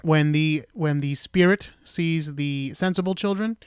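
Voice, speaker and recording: A man's voice: a little high, unhurried, smooth, no echo, clean studio sound. Chatty male podcast host. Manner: relaxed, chatty, with casual swearing. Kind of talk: casual podcast talk.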